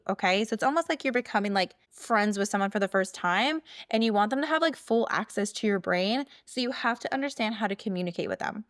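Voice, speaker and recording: A woman hosting a podcast, talking casually and chattily, full of "like" and "okay?" checks. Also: mid-range voice. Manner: chatty, filler-heavy, with many "like"s and "okay?"s. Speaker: podcast host. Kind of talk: casual solo podcast talk.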